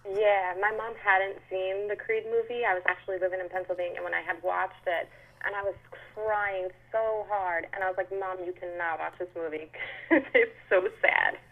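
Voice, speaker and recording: A woman's voice: medium pitch, little pitch movement, moderate pace. Giggly woman on a tinny phone line. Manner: giggly, chatty. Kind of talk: casual chat.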